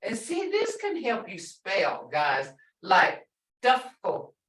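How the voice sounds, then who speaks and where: A woman teaching a language class, repeating words slowly and quizzing her students. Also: mid-range voice, wildly swooping pitch, fairly bright tone. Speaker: language instructor. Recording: echoey room, distant mic.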